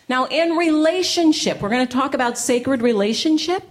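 A woman giving a lively talk to a church gathering, telling stories with playful, punchy repetition and plenty of animation. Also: high voice, normal speed, few pauses. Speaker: inspirational speaker. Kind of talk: storytelling talk to a live audience.

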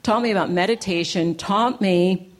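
A woman speaks before a live audience, animated and playful. She leans on repetition for punch. Her voice sits in a middle register for a woman. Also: medium pitch, moderate pace. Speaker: inspirational speaker. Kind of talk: storytelling talk to a live audience. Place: church gathering.

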